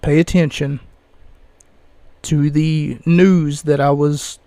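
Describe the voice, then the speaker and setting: A man's voice: fairly high pitch, level tone, takes it slowly, mellow, no echo. A man hosting a podcast, ranting sarcastically in casual commentary. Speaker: podcast host.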